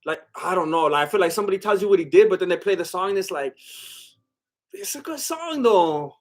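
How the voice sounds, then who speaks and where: A man with a high voice for a man chats loosely on a live stream. He rambles, jokes and restarts his sentences as he reacts to chat. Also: animated, brisk. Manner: rambling and joking, with lots of "like" and restarts; loose, chatty, breaks into bits of song.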